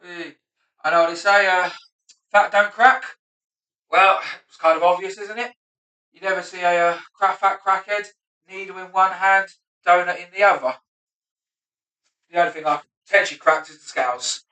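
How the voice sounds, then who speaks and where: Thirties comic running his set alone, high and bright, self-mocking asides, recorded roomy from a distance. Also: steady tone, moderate pace, pauses often. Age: 30s. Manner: self-mocking, sweary, muttering asides between punchlines. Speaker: stand-up comedian. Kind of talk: rehearsing a stand-up set aloud.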